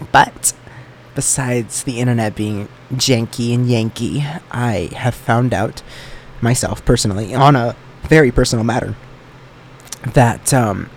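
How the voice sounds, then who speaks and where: A man's voice: mid-range voice, darkish tone. A young man hosting a solo podcast, rambling in a joking, self-deprecating way. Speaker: podcast host.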